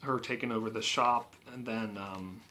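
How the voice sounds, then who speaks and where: A man's voice: fairly low pitch, fairly even intonation, moderate pace, bright, forceful tone, slight background noise. A man giving a casual, rambling spoken movie review, with frequent filler words and restarts. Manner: rambling, full of "you know" and "like". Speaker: film reviewer.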